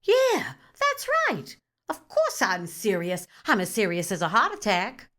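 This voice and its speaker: A woman's voice: on the low side, big pitch swings, pushed and bright. A woman voicing an outraged, gossiping woman complaining about a coworker on the phone, in an exaggerated, indignant rant. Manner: exaggerated, indignant, rapid ranting.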